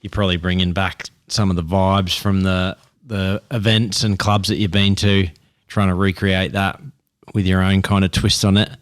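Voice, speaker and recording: A man hosting a casual podcast interview, enthusiastic and quick with short agreements. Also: low-pitched, flat delivery, dry recording, studio quality. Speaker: podcast host.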